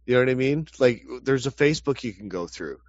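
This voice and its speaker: A man's voice: mid-range voice, expressive, quick pace, no room sound, highs cut off. A man in casual chat, rambling and cursing with frequent restarts as a co-host. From Canada. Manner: rambling, profane, laughs often.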